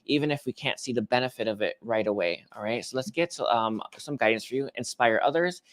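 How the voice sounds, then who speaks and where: A man's voice: medium pitch, a little fast, no room sound. Guy rambling through a tarot reading, lots of restarts, dry close sound. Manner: rambling, hesitant, full of restarts and soft laughs. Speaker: tarot reader.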